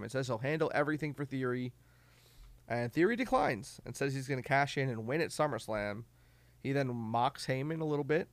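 Gravelly man recapping wrestling, dry. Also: mid-range voice, no echo. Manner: offhand, wry, recounting events with opinions. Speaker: podcast host.

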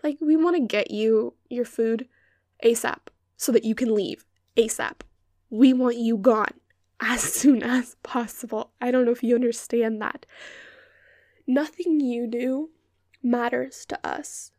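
A woman's voice: a little high, unhurried, darkish tone, dry recording, clean studio sound. Profane young woman ranting into a mic. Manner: profane, sarcastic, drifts into whispers. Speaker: podcast host. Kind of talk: casual ranting monologue. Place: hot bedroom at home. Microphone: close-up microphone.

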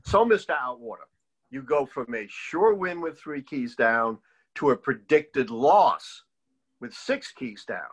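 An older man tells a long story as an interview guest. His voice sits in a middle register and his pitch leaps up and down as he acts out the people he quotes. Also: expressive, a little slow, breathy edge, rough recording. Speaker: guest, political historian.

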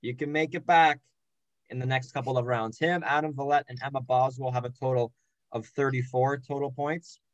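A young man hosts a casual sports podcast and reels off names and scores with plenty of teasing asides. His voice sits at an ordinary pitch. The recording is dry and close, with no room around it. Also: steady tone, normal speed, no room sound, muffled recording. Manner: jokey, rattles off names and standings. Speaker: podcast host.

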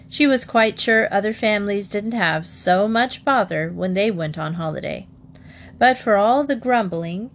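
In a steady, measured reading voice pitched in the mid-range, a woman narrates a children's storybook as an audiobook narrator.

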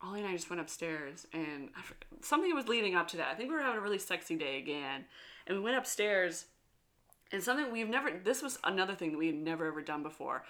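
A woman's voice: fairly low pitch, big pitch swings, quick pace, a bit bright. A woman co-hosting a podcast, telling candid stories in casual chat and swearing freely. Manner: frank storytelling, swears freely. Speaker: podcast co-host.

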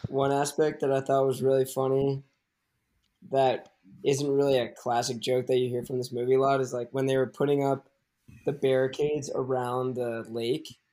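A man's voice: medium pitch, normal speed. A young man hosting a podcast, chatting casually with many fillers and acting out movie lines in funny voices. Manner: animated, quotes movie lines in put-on voices; many fillers, laughs often. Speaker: podcast host. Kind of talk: casual chat.

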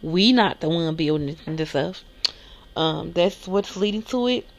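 Chatty woman podcaster with a lisp and vocal fry. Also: lowish voice, animated, unhurried. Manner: casual, chatty, reads articles aloud then reacts. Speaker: podcast host. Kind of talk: solo podcast news commentary.

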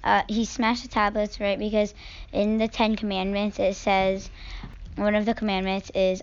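A woman's voice: mid-range voice, little pitch movement, unhurried, creaky, smooth, lo-fi sound. A girl student explaining her idea in class, with some fillers. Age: child.

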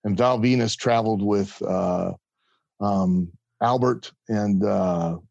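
A man's voice: lowish voice, slow pace, vocal fry, darkish tone, dry recording. A man guest telling a story in a casual interview and acting out the other people's voices. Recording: dull lo-fi sound.

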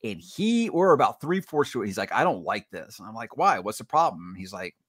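A middle-aged man hosting a podcast, telling stories in quick, lively casual chat. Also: lowish voice, husky, dry recording, studio quality. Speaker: podcast host.

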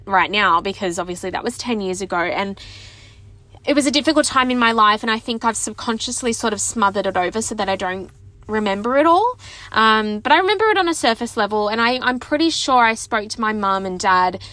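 A vlogger in her twenties shares a personal story with her viewers, chatty and candid, saying "like" a lot and laughing at herself. Her voice is on the high side with a fairly bright tone, and the recording is dry.

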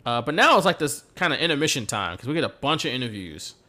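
A man's voice: medium pitch, sing-song, quick pace, bright, forceful tone. A man hosting a podcast who tells stories animatedly and laughs often. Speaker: podcast host. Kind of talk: casual chat recapping wrestling.

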